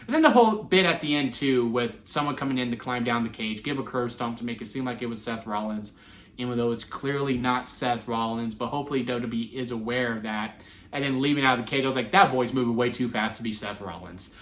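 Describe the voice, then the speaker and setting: A man giving a casual solo wrestling review, chatty and animated, laughing often as he talks. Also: mid-range voice, quick pace, a little hiss or hum. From Texas. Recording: echoey room.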